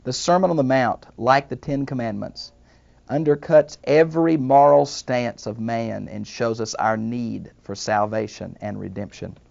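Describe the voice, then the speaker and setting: An older man, a retired professor, giving a recorded Bible lesson in a thoughtful, unhurried lecturing manner with small asides. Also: mid-range voice, vocal fry, a little mellow, muffled recording. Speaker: Bible teacher.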